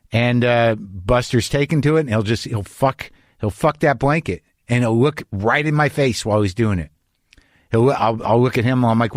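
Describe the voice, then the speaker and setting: A man's voice: medium pitch, no echo. Anxious rambling middle-aged man, dry. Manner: anxious, rambling, profane, deadpan. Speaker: podcast host. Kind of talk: comic monologue and interview. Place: home studio.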